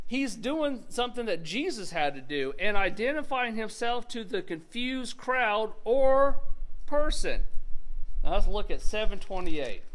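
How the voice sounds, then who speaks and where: A man's voice: high-pitched, a bit bright, rough recording. A male pastor teaching a sermon in a church, conversational and explanatory, with small restarts.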